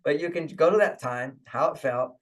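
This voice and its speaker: Speaking at a normal speed in a slightly high voice, a man appears as a guest author on an interview show. He chats through relationship advice, frequently chuckling, reinforcing points with "okay," and performing inner voices as quotes.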